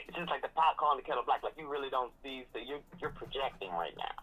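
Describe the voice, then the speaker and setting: A woman in a casual recap chat about a reality show, sassy and animated, slipping into mocking impressions. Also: rumbling low, fairly quick, breathy edge, rough recording. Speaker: reality TV commentator.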